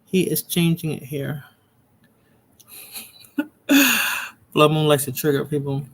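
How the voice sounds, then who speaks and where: A man's voice: fairly high pitch, animated, takes it slowly, fairly bright tone. A man hosting a live stream in casual chat, laid-back and chuckling as he signs off.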